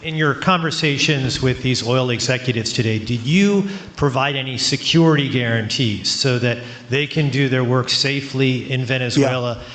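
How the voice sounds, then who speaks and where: A man's voice: medium pitch, fairly bright tone, a little hiss or hum. A male reporter with a mid-range voice asks his questions politely, stumbling a little at the start. His voice rings with a roomy echo. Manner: polite, slightly halting. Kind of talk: press question.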